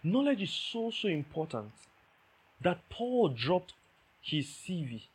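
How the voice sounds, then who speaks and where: A man delivers a sermon in a husky, slightly rough voice. He preaches with emphasis and repeats his key lines. He keeps checking that his listeners follow him. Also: high-pitched, big pitch swings, slow pace. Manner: emphatic, repeats key phrases, asks the audience "do you understand".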